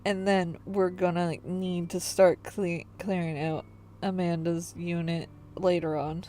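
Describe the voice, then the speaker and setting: A woman voicing a weary older grandmother who runs an apartment building, speaking in slow, measured instructions. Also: lowish voice, flat delivery, dark tone, a little hiss or hum, lightly acted. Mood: instructing.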